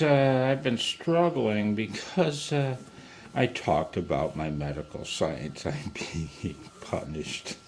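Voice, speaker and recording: Slow low-voiced man rambling in his workshop. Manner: self-mocking, wandering asides. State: slightly out of breath. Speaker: ham radio hobbyist. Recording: faint background noise with filing and clicks.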